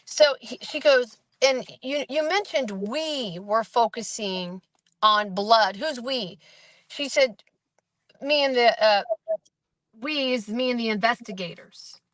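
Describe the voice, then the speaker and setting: A woman with a fairly high voice talks casually, rambling as she retells testimony and slips into quoted voices. The sound is dry and close. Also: slow, a bit bright, no room sound, poor audio. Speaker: host recapping a trial. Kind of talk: casual chat.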